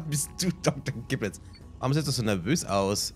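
A man's voice: medium pitch, sing-song, a little slow, soft background music. A man hosting a let's play, giving laid-back, amused gameplay commentary and laughing often.

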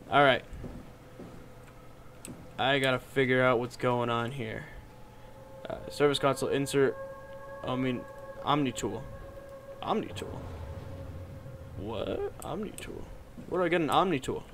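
A young man commenting on a game he is playing, with loud, jokey, excitable reactions. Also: medium pitch, noisy background. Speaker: gaming channel host. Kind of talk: let's play commentary.

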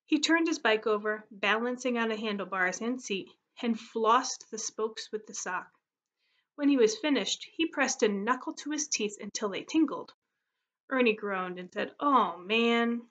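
A woman's voice: fairly high pitch, animated, normal speed, fairly bright tone. Woman teacher reading a story aloud. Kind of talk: classroom read-aloud of a story.

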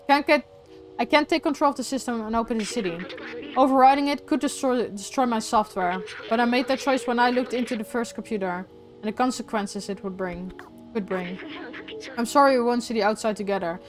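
A woman voicing a small, loyal male robot companion in a video game, reading his lines quietly and in a subdued way. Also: a little high, brisk, music in the background, close to an everyday voice. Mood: tender.

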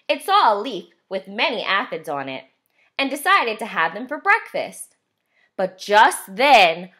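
A woman teacher reading a picture book aloud to young children, asking them questions as she goes. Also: fairly high pitch. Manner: slow, expressive, asks children questions.

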